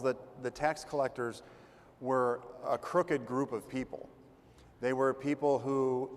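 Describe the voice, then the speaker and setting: A man giving a conversational sermon as a priest, retelling gospel stories and acting out the crowd's voices. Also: mid-range voice. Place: church. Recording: long church reverb.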